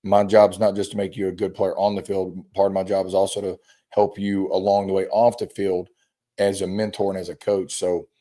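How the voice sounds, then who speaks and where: Low, mellow-voiced football coach. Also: male voice, little pitch movement, brisk. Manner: rambling storyteller, acts out quotes. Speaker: high school football coach. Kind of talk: casual chat.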